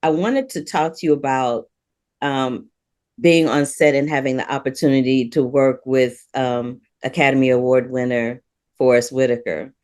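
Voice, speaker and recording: Woman host, very low voice, enthusiastic, playful interviewer. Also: fairly even intonation, normal speed, darkish tone. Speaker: podcast host, film critic. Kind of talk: interview questions.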